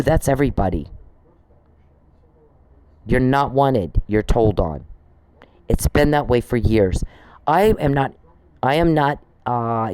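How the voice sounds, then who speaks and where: Man, podcaster, indignant and profane, mellow dark tone, faint hiss behind. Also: medium pitch, poor audio. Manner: indignant, profane, scolding someone directly. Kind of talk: angry monologue.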